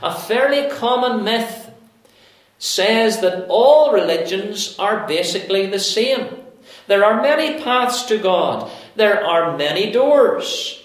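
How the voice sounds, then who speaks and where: A man delivers an expository sermon, weighing each phrase with emphatic pauses. His voice sits high for a man, and he takes his time. The sound rings in a strongly echoing room. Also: lively intonation. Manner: slow, deliberate expository preaching with emphatic pauses. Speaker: preacher. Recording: very echoey room.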